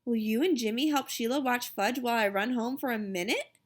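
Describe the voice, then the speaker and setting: A woman's voice: a little high, a little fast, close to an everyday voice. A woman voicing a flustered, doting mother who frets over her small son. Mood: fretful.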